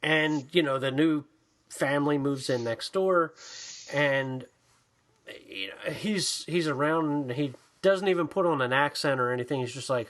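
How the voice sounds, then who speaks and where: A man co-hosting a podcast, chatting casually about movies in an animated, profane way, often acting out the voices he quotes. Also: on the high side, measured pace. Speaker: podcast co-host. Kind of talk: casual chat, movie review.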